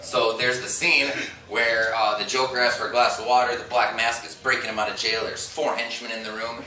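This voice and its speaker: A man's voice: medium pitch, little pitch movement, a little fast, sharp tone. A man in his thirties doing a stand-up set, telling stories with acted-out quotes and laughing at his own jokes. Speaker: stand-up comedian. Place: convention stage before a live crowd. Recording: echoey room, far from the mic, noisy.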